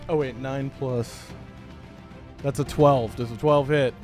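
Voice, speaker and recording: A man narrating a tabletop game as game master, with animated storytelling. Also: medium pitch, takes it slowly, soft background music.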